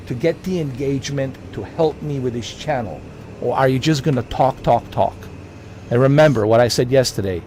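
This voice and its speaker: A man talks straight to his livestream chat in a loose, rambling way. He circles back over the same points, preaching at his viewers. A faint hum of traffic sits low behind him. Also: a little mellow. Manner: rambling, preachy, repeats himself. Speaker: livestream host. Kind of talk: casual livestream talk to chat.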